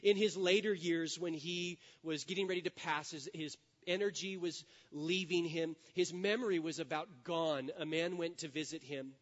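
Male pastor with a fairly high voice, an earnest storyteller preaching in a church; the sound is dull and rings with long hall echo. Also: fairly even intonation, moderate pace, hardly any pauses. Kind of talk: sermon.

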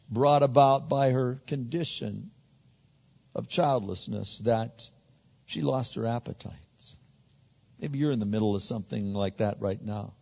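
A male pastor preaching a conversational sermon, often repeating words as he builds to a point. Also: medium pitch. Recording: muffled sound with long hall reverb.

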